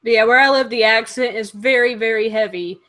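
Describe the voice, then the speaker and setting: Bright-voiced young Southern woman host. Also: on the high side, moderate pace. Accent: Southern US, Alabama. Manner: chatty, frequent "like" fillers. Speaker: host of a live web show. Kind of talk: casual chat, reading viewer comments.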